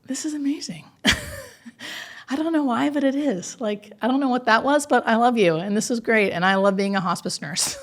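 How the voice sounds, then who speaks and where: A woman, a hospice nurse, telling stories in a conversational interview, animated and earnest with many filler words. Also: a little high, brisk.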